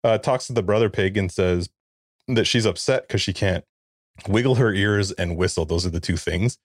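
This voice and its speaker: A man in his forties with a low voice tells a family story on a podcast, acting out what everyone said. The sound is dry and close, with no room around it. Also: normal speed, no room sound. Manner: animated storyteller, acts out quotes. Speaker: podcast co-host. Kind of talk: casual chat.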